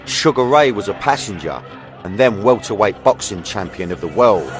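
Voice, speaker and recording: Brief: male voice-over, lowish pitch, dramatic first-person narration over music. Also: lively intonation, moderate pace.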